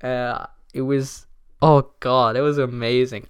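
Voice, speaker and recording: A man's voice: medium pitch, fairly even intonation, slow, darkish tone, clear, resonant tone, no echo, studio quality. A young man hosting a casual solo podcast, talking loosely with lots of fillers and frequent swearing. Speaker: podcast host.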